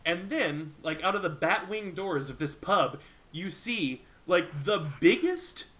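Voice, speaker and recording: Guy dm narrating a tabletop game, bright voice, laughs a lot. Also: high voice, animated, slow pace. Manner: laughs often, rambling with fillers. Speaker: game master.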